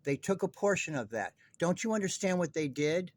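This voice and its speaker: A man's voice: high voice, lively intonation, fairly quick. A man delivering a heated true-crime monologue straight to his viewers, agitated, profane and rambling. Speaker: online commentator.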